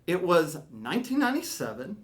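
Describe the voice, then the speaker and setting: A man from Alabama telling a comic story as a podcast host, animated and swinging from mumbled to shouted. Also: on the high side, fairly quick.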